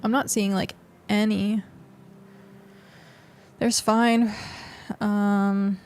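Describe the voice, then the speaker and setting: A woman's voice: mid-range voice, level tone, extremely slow, a little mellow, smooth. A young woman streaming a game, chatting casually and rambling with lots of fillers as she plays. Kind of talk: casual gameplay commentary.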